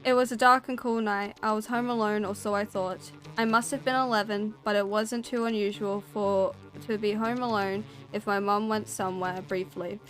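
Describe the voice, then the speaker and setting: A woman's voice: mid-range voice, steady tone, normal speed, hardly any pauses, a bit bright, soft background music. Woman streamer reading a spooky story. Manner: storytelling, then chatty and self-conscious.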